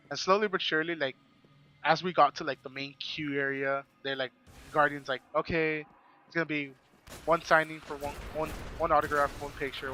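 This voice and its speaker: Man, podcast guest, rambling storyteller, bright higher voice, faint background noise. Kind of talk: casual chat.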